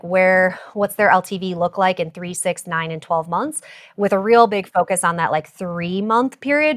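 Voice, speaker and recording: A woman guest on a podcast, explaining ad and growth strategy in a brisk, jargon-heavy way with frequent fillers. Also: fairly low pitch, fairly bright tone. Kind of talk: casual podcast interview.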